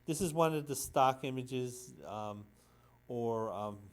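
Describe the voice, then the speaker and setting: A man's voice: medium pitch, takes it slowly. Rambling man recapping a comic, full of ums. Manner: sentimental about the story. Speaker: comic book reviewer. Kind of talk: casual solo comic recap.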